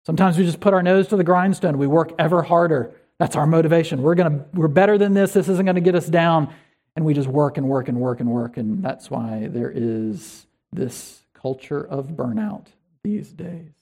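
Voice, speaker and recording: Earnest pastor with a warm, husky voice. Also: mid-range voice, normal speed. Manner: earnest and conversational, with rhetorical questions. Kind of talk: sermon.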